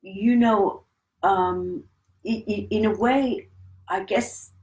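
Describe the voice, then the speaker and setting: A woman's voice: a little high, very animated, takes it slowly, gravelly, a little mellow, rough recording. A middle-aged woman, a conductor, telling a reflective anecdote in a casual interview. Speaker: guest, orchestra conductor.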